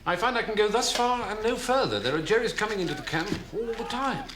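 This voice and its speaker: An actor playing a sardonic officer posing as a camp commandant, dry and arch in a TV drama. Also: male voice, high-pitched, animated, quick pace. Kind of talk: 1990s TV drama acting. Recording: echoey room, faint noise.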